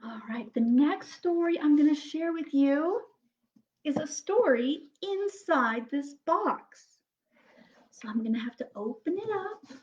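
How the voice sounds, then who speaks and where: A woman reading fairy tales aloud at children's story time, slow and animated, dropping to soft whispers. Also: high voice. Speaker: children's librarian. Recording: dull lo-fi recording.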